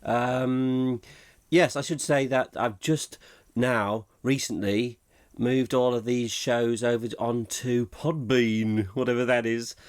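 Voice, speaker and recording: A man's voice: medium pitch, steady tone, slow pace, clear, resonant tone. A man hosting a casual solo podcast, rambling, laughing at himself and mocking his own slips. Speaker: podcast host.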